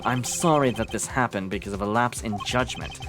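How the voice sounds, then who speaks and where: A man's voice: fairly low pitch, brisk, music in the background, voice pushed down, natural voice. A man doing a formal, composed prosecutor. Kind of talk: reading game dialogue aloud on a live stream.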